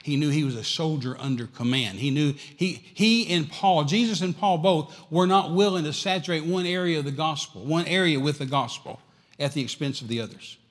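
A male preacher delivering a sermon with a fairly high voice. He repeats himself for emphasis and drops from loud to hushed. Long church reverb trails every phrase. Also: a little fast. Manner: emphatic, repetitive, swings between loud and quiet.

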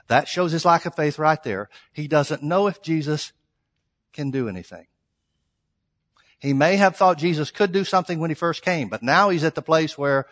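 In a church sanctuary with long hall reverb, a male pastor preaches a storytelling sermon, emphatic and acting out quoted exchanges. His voice is a little high, fairly quick, and fairly bright.

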